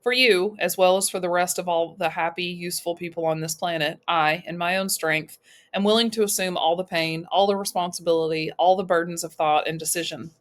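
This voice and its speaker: A woman's voice: fairly low pitch, fairly even intonation, lightly acted. A woman doing a soothing, menacing male overlord. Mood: patronizing. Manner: soothing, patronizing, slow.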